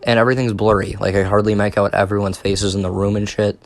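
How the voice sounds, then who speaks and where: A man's voice: lowish voice, flat delivery, fast, gravelly. A young man telling a casual storytime, rambling and swearing with many fillers and restarts. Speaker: vlogger.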